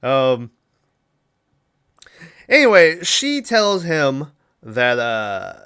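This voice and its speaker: A man's voice: mid-range voice, wildly swooping pitch, extremely slow, bright, forceful tone, smooth. A man hosting a podcast, recapping a movie in rambling casual chat with acted-out quotes. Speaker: podcast host.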